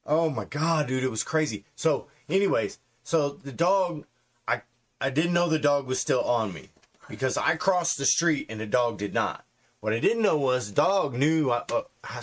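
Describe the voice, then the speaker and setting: A man in his forties, a podcast co-host telling profane, animated stories in casual comedic chat. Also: medium pitch, normal speed. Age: 40s.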